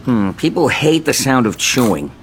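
An actor playing a fretful, worried male candy mascot in an animated ad. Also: mid-range voice, slight background noise, lightly acted. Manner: fretful, quick to alarm. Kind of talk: animated ad acting.

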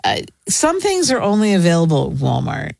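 A woman's voice: on the low side, huge pitch swings, brisk, creaky, darkish tone, no room sound. Playful woman podcast co-host, dry studio sound. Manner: playful, jokey, reads product copy aloud. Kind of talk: casual chat.

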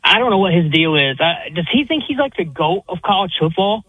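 A man's voice: high voice, animated, brisk, slightly rough, no echo. A man calling in to a sports radio show, emphatic and ranting. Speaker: caller. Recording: tinny phone line.

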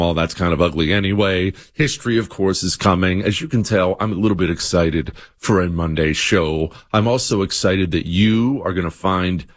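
A man's voice: low-pitched, fairly bright tone, no room sound, clean studio sound. Emphatic male talk radio host. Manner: emphatic, repetitive, conversational.

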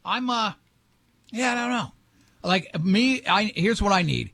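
A man's voice: high-pitched, expressive, a little slow, creaky, sharp tone, slightly rough, no echo. An older man hosting a radio show, telling rambling, jokey stories in casual banter.

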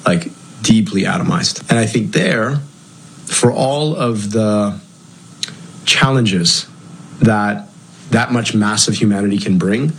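A man's voice: on the low side, slow pace, vocal fry, long pauses, breathy edge, poor audio. A man speaking as an interview guest, earnest and reflective, often saying "like". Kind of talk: conversational interview.

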